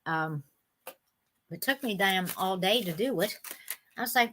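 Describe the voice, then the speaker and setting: Southern lady host chatting on a live stream, bright voice, folksy, laughs a lot. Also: mid-range voice, normal speed, pauses often, slight background noise. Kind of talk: casual live-stream chat.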